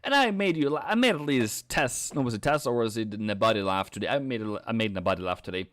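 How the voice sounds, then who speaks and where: A man's voice: mid-range voice, lively intonation, fairly bright tone. A man hosting a live trading stream, talking through charts and joking with his viewers. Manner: joking banter, drawn-out chart talk.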